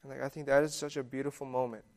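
A young man preaching in a relaxed, conversational way, his talk dotted with "like" and "um." His voice is gravelly with a touch of fry and sits at an ordinary middle pitch. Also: racing. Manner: conversational, full of fillers like "like" and "um". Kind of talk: casual sermon.

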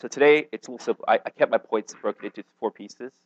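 A man's voice: medium pitch, fast talker, dry recording, muffled recording. A man preaching a sermon in a conversational way, often checking in with his listeners and restarting his sentences. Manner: conversational, checks in with "okay?" and "right?"; frequent restarts and stumbles. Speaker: pastor.

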